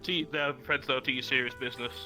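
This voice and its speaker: A man's voice: mid-range voice, fairly even intonation, quick pace, music in the background. An English man from the West Country, with a posh accent, chatting as a guest streamer in a wordy, self-deprecating way, laughing often. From West Country of England. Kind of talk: casual chat.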